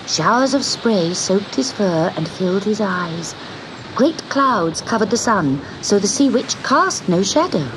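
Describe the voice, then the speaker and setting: A woman reading a children's story aloud in an expressive, sing-song way. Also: medium pitch, a little slow. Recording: background noise.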